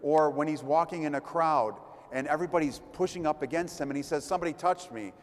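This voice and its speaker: A man's voice: on the high side, steady tone, fairly quick. A man giving a conversational sermon as a priest, retelling gospel stories and acting out the crowd's voices. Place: church. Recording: long church reverb.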